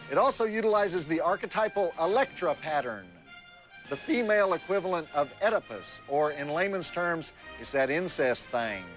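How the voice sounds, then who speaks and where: Wisecracking man hosting a movie night. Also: on the high side. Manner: wry, deadpan jokey delivery. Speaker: TV movie host.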